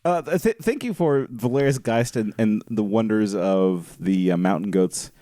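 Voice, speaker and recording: A man's voice: on the low side, animated, moderate pace, mellow, dry recording, studio quality. A man co-hosting a podcast, tipsy and giggling through casual jokes. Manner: giggly, joking. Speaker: podcast co-host.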